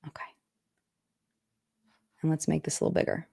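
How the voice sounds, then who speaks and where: A woman with a mellow voice talks at a normal pace, hosting a casual live chat stream. She thinks out loud while reading through viewer comments and contract text over a streaming mic setup.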